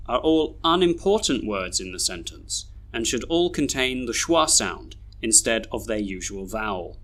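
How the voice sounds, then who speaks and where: A man narrating a pronunciation lesson as teacher, speaking deliberately and repeating example sentences. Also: medium pitch, sing-song, sharp tone. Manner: slow, deliberate, reads example sentences twice.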